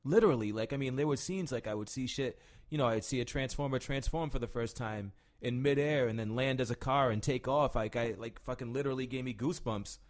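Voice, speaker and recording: A man's voice: medium pitch, fairly quick. Profane man ranting about movies. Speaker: podcast co-host. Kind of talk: casual chat about movies.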